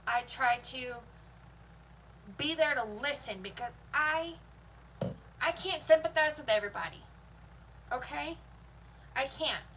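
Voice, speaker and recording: A young woman delivers a heated, profane, emphatic rant to camera. Her voice is bright and on the higher side. She sits a little back from the mic, with a faint hiss under her words. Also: lively intonation, a little slow, pauses often. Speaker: vlogger. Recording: voice a bit far from the mic, faint noise.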